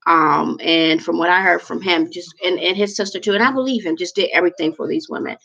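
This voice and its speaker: Gravelly chatty woman in her forties. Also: lowish voice, a little fast, sharp tone, muffled recording. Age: 40s. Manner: chatty, emotional, rambling with many fillers. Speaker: vlogger. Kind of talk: casual storytelling to camera.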